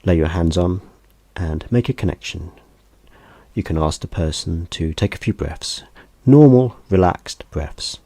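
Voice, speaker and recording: A man teaching a gentle hand massage, speaking in a soft, unhurried, calm instructional way. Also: low voice, no echo.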